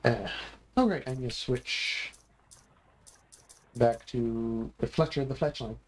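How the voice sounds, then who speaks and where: A man streaming a game, casually reading narration aloud with wry asides and quick self-corrections. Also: medium pitch, a little hiss or hum.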